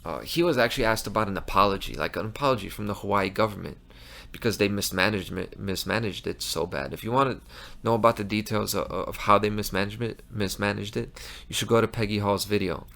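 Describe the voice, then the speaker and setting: A man's voice: lowish voice, fast, creaky, hardly any pauses, sharp tone. A man hosting a commentary show, talking in a heated, emphatic way with frequent restarts. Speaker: host. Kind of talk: impassioned commentary monologue.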